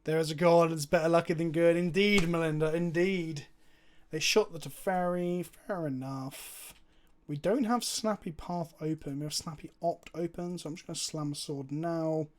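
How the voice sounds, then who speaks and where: A man's voice: fairly high pitch, fairly even intonation, moderate pace. A man streaming a card game, commentating his plays casually, chatty and thinking aloud, with frequent swearing.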